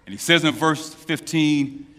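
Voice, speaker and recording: A man's voice: fairly high pitch, a little slow. Dynamic preaching man in a hall. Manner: dynamic preaching, swinging from hushed to loud. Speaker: pastor. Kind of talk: sermon.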